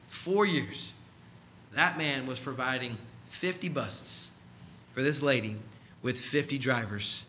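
A man preaching a sermon, telling a story dramatically and swinging from hushed lines to loud ones. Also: on the high side, a little hiss or hum.

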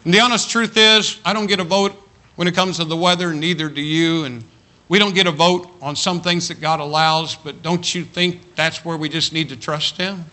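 Bright, forceful preacher man. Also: on the high side, steady tone, moderate pace. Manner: earnest preaching, rising to fervent peaks, reciting poetry. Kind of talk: sermon.

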